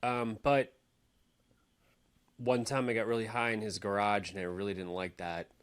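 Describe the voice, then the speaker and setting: A man's voice: lowish voice, flat delivery, moderate pace, a bit bright, clean tone. A man co-hosting a casual podcast, laid-back and crude, swearing often. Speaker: podcast co-host. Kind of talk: casual chat.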